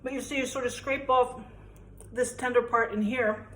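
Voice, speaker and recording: A woman's voice: on the high side, steady tone, normal speed, pushed and bright, slight background noise. Chatty young woman in an echoey kitchen. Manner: chatty, rambling, self-deprecating. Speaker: home cook vlogger. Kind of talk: casual cooking demonstration. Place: home kitchen.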